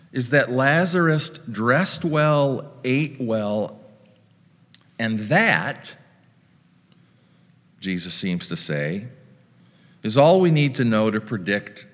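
A man preaching a sermon in a measured, reflective way, with wry asides. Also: medium pitch, sing-song, fairly bright tone. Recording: long hall reverb.

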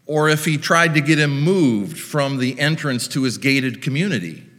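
A man preaching a sermon in a measured, reflective way, with wry asides. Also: fairly high pitch, animated, a bit bright. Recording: long hall reverb.

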